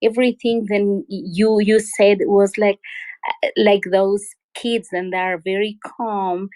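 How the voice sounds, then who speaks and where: Woman, mid pitch, friendly and chatty, dry sound. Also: a little mellow, no room sound, low-quality recording.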